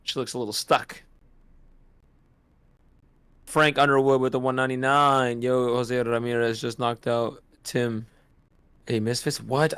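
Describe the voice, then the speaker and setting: Dry, excitable male fight commentator. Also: medium pitch, a little slow, long pauses, clear, resonant tone, no echo. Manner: excitable, laughs often, slangy. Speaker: host doing fight commentary. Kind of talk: casual watch-party commentary.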